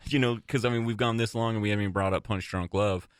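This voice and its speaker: A male podcast host jokes and cuts in on the others. His voice is low. The recording is dry and close. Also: fairly bright tone, clear, resonant tone, no echo. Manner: joking, chiming in over others. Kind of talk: casual podcast chat.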